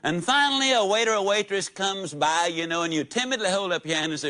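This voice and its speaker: A man's voice: high-pitched, animated, fairly quick, hardly any pauses, sharp tone, no echo. A man giving a live motivational speech, telling folksy stories and asking the audience questions. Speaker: motivational speaker.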